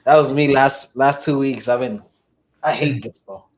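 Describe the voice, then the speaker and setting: Relaxed young man chatting, slangy. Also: medium pitch, normal speed. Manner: relaxed, slangy, says bro. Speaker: real estate wholesaler. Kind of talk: casual chat.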